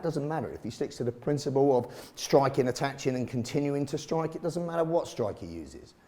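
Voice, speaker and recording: A man coaches a self-defence drill in plain, blunt terms, swearing casually as he explains. His voice sits at an ordinary middle pitch. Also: warm tone. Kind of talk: instructional commentary.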